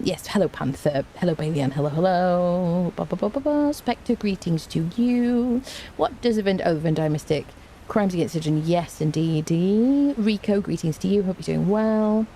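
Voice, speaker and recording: Mellow-voiced woman streamer with a cold. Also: sits low, slight background noise. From Britain. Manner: playful, chatty, greets viewers by name. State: has a cold. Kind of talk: casual live-stream chat. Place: indoors at home.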